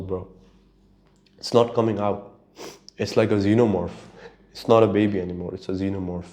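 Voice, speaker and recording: Warm and on the low side, his voice moves at normal speed with frequent pauses. Alone on his podcast, he rambles casually, swears freely, and laughs at his own tales.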